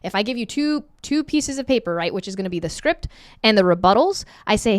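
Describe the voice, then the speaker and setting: A woman's voice: mid-range voice, animated, brisk, no echo, clean studio sound. A woman training new callers over a screen share, upbeat and conversational, acting out sample calls. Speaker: sales trainer.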